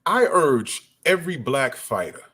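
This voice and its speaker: A man's voice: mid-range voice, very animated, measured pace, a bit bright. A man giving an angry, profane rant as a boxing commentator. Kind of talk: ranting commentary.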